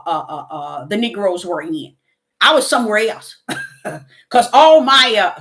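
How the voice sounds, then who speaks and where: A woman's voice: on the high side, sharp tone. A middle-aged woman giving a fervent spiritual testimony to her viewers, preachy and repeating her words. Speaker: YouTuber.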